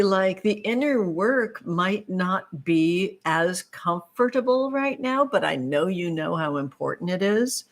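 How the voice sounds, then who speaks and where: A woman runs a casual tarot livestream, reading viewer comments aloud. She gushes and sprinkles pet names everywhere, and her voice sits a touch on the low side. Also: lively intonation, unhurried, few pauses. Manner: effusive, gushing, calls viewers sweetheart. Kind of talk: live-stream chat with viewers.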